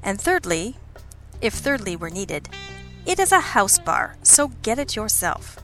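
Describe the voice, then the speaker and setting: A woman's voice: mid-range voice, big pitch swings, measured pace, fairly bright tone, faint music behind, pitched above the performer's own voice. A woman voicing a wry, cynical male detective partner in a dry, sardonic tone, in a storybook reading.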